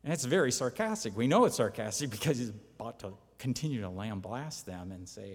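A man's voice: medium pitch, animated, brisk, few pauses, slightly rough, big-room sound. A man preaching a conversational sermon, reading scripture aloud and pressing his points with emphasis. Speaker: pastor or Bible teacher.

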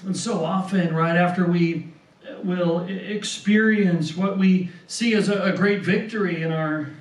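A man with a high voice preaches a sermon at an unhurried pace, often doubling his words and checking in with "right?". He sounds set back from the mic, and a roomy echo hangs around his words, as in a church hall. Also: recorded from a distance. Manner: slow and deliberate, often repeats words and adds "right?".

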